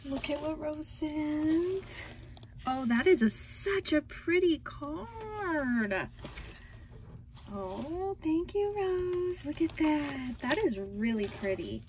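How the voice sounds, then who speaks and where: A woman vlogger unboxing birthday mail at home, gushing and excitable with constant exclamations. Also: sits high, background noise. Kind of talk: casual unboxing vlog.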